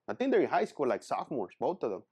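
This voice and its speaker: A man's voice: mid-range voice, wildly swooping pitch, quick pace, darkish tone, husky, highs cut off. A man in his thirties giving a casual motivational talk as a guest speaker, earnest and rambling, often calling people "man".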